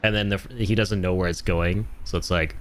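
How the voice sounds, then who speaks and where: A man's voice: sits low, fairly even intonation, a little fast, a bit bright. A young man with a North American accent, telling stories in a casual chat while streaming a game, laughing often and trailing off with fillers. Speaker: livestreamer.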